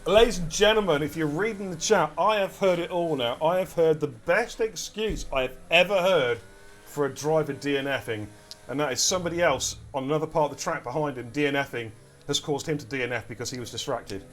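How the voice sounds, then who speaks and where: Excitable man commentating a race. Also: fairly high pitch, brisk, slight background noise. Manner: excitable, chatty, addresses chat directly. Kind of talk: live esports race commentary.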